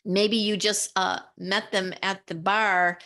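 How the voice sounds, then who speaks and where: A woman's voice: mid-range voice, level tone, takes it slowly, pushed and bright. A woman co-hosting a podcast in casual discussion, speaking earnestly and with emphasis as she explains, sometimes quoting people in their own voices. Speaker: podcast co-host.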